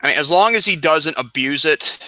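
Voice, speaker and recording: A man's voice: a little high, animated, brisk, bright, forceful tone, no echo. A young man hosting a casual live-stream chat, rambling and tripping over his words as he repeats himself while he rants.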